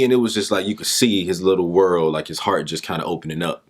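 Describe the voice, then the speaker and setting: A young adult man giving a motivational talk, telling a story in an animated, informal way. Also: fast talker, few pauses. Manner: animated, informal, pitch jumps with emphasis. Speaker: speaker and mentor.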